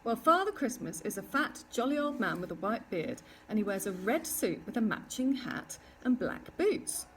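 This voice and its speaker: A woman's voice: a little high, big pitch swings, normal speed, hardly any pauses, a little hiss or hum. A woman voicing a proud, bossy little girl with a matter-of-fact, know-it-all manner in a storybook reading. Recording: distant mic with faint ambience.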